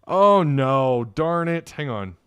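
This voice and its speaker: A man's voice: a little high, expressive, slow, fairly bright tone, smooth, no echo. A man hosting a casual sports live stream, reading out viewer comments, joking and laughing as he talks. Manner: laughing, joking, thinking aloud.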